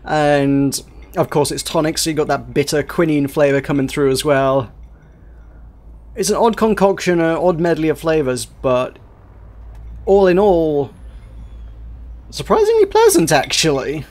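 A man's voice: on the high side, big pitch swings, measured pace, pauses often, a little mellow. Chatty man narrating a game. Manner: rambling, self-interrupting, chatty. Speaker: let's play host. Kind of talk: casual game commentary.

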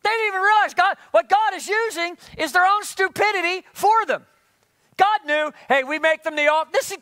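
Very high-voiced, bright male preacher. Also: no echo. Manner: animated, fires rhetorical questions at the congregation. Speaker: pastor. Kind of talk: sermon.

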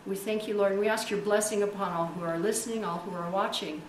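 A woman's voice: medium pitch, steady tone, quick pace. Emphatic woman pastor in echoey room. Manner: emphatic, stretches key words for effect. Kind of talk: sermon and prayer. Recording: echoey room, distant mic, faint hiss.

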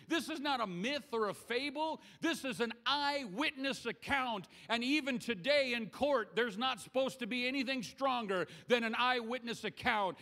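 A man's voice: extremely high pitch, pushed and bright. A man preaching a sermon as pastor, conversational and humorous, acting out scripture scenes in his own voice.

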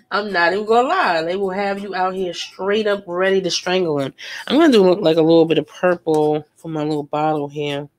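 A woman's voice: lowish voice, steady tone, brisk. A young woman chatting casually and emotionally while she paints, with lots of fillers and slang. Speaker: art vlogger painting live.

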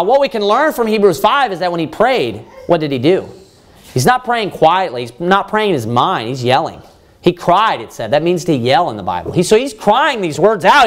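Man preaching, pastor, lively pitch swings, reads scripture slowly, explains it plainly, builds up to stress points. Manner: reads verses slowly then explains them in plain words; rises in pitch and force when stressing points. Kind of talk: sermon Bible study.

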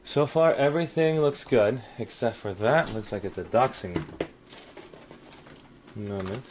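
A man's voice: medium pitch, unhurried, slight background noise. A man hosting a casual livestream from indoors in an apartment, chatting in a rambling way and thanking viewers. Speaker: streamer host.

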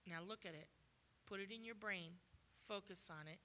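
A woman serving as guest preacher delivers an emphatic sermon in a church, often putting questions to the congregation and acting out quoted lines with sudden loud commands. Her voice is mid-range at a normal speed, with a little hiss or hum on the recording.

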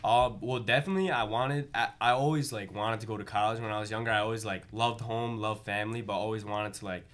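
A man's voice: on the low side, fairly even intonation, fast, few pauses, fairly bright tone. Young Long Island man, earnest. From Long Island, New York. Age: young adult. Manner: earnest, uses many likes and uhs. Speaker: student guest. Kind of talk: casual interview chat.

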